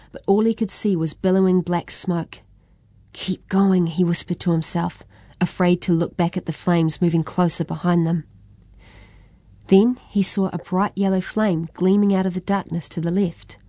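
Brief: New female storyteller, steady expressive narration, mellow tone. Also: on the low side, no echo. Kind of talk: children's story reading.

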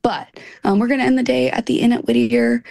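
A woman from Louisiana talks with bright enthusiasm, mapping out a day like a tour guide. Her fairly high voice carries a gravelly fry. The sound is close and dry. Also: fairly even intonation, brisk, no room sound. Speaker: interview guest. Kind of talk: casual radio interview.

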